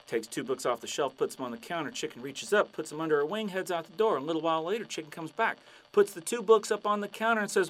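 A man's voice: on the high side, quick pace, a bit bright. A man telling jokes and long shaggy-dog stories in a playful storytelling way. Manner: playful storytelling, acting out voices. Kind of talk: joke telling.

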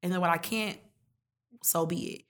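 Candid, emotional woman, slightly low voice. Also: fairly even intonation, moderate pace, a bit bright. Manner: emotional, candid, talkative, slangy. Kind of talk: candid heart-to-heart conversation.

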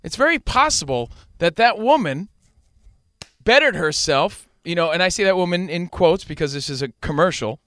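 Fired-up man with a bright voice. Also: high-pitched, animated, moderate pace, dry recording, clean studio sound. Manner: emphatic, fired-up opinionating. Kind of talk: casual chat.

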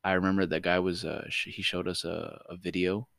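A man in his twenties with a Miami accent, co-hosting a podcast in casual, animated chat full of laughs and fillers. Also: deep voice, a little fast, gravelly, no room sound, clean studio sound. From Miami, Florida. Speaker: podcast co-host.

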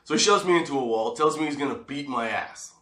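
Bright-voiced man telling a profane story. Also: medium pitch, fast talker, echoey room. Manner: profane, animated, laughs often, talks straight to the viewer. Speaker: vlogger. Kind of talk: casual storytelling.

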